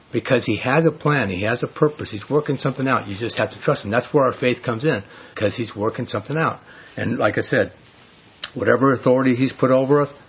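A man's voice: medium pitch, breathy edge, muffled recording. A man preaching a sermon, telling a personal story earnestly with frequent restarts.

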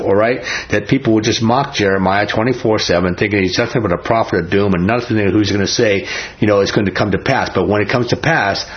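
A man's voice: lowish voice, muffled recording. A man teaching a Bible chapter verse by verse in a folksy way, often asking "right?" and laughing.

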